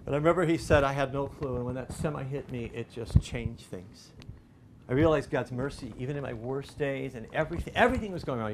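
A man's voice: medium pitch, brisk, very noisy. A middle-aged man, preaching a sermon in a loose, conversational storytelling way, often restarting his sentences. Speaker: pastor.

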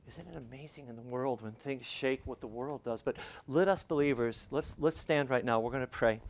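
A man preaching to a congregation, shifting between quiet, intimate stretches and loud, fervent passages, closing in prayer. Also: mid-range voice, a little fast, slight background noise. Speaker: pastor. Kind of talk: sermon.

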